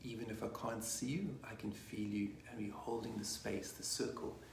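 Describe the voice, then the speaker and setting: A man and sangoma leading a guided meditation, talking softly and gently between chants. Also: on the low side, fairly even intonation, vocal fry, echoey room, a little hiss or hum. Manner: soft, gentle, slow spoken guidance.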